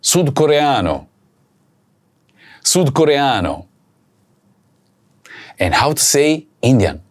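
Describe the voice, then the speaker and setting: Speaking at a medium pitch with a sing-song lilt, a man leads a recorded language lesson, slowly saying every word and then repeating it for learners to practise.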